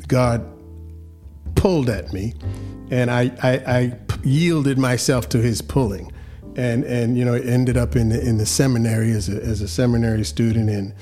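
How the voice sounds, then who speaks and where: Earnest New reverend hosting a show. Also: male voice, mid-range voice, steady tone, mellow, faint music behind. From New York, US. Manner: measured, earnest, restarts often. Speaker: podcast host, reverend. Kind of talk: faith talk show hosting.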